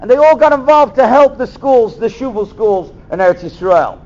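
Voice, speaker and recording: Animated high-voiced storytelling man. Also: normal speed. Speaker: rabbi giving a talk. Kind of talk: storytelling sermon. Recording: dull lo-fi recording.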